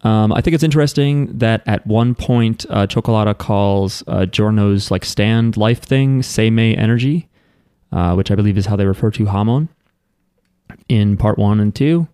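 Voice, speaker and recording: Wry low-voiced man, dry sound. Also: moderate pace, mellow, clear, resonant tone, no echo. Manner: wry, joking asides. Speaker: podcast co-host. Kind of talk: casual podcast chat.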